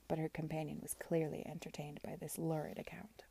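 A woman reading a novel aloud in a soft, measured manner. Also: low voice, flat delivery, vocal fry, husky, no echo. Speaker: reader.

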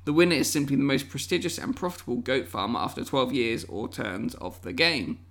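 A man's voice: mid-range voice, animated, a little fast, gravelly, fairly bright tone. A man co-hosting a casual chat, playfully reading out game descriptions and laughing often. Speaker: podcast co-host presenting a guessing game.

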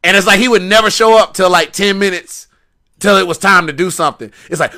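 Bright, animated male storyteller. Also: high voice, quick pace. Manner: animated, slangy, repeats himself. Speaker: podcast guest wrestler. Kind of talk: casual podcast storytelling.

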